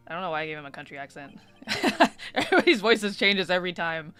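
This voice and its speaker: A woman's voice: fairly low pitch, sing-song, quick pace, fairly bright tone, clear, resonant tone, no room sound, soft background music. Playful woman streaming a game. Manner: playful, giggly asides. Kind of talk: casual game stream commentary.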